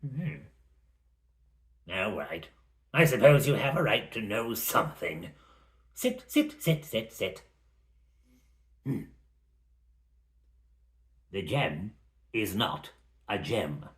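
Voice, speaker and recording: A low, deep-voiced old wizard, mysterious and cryptic, as a man puts him on. He speaks slowly and solemnly and draws out every portentous word. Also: very animated, a bit bright, exaggerated voice.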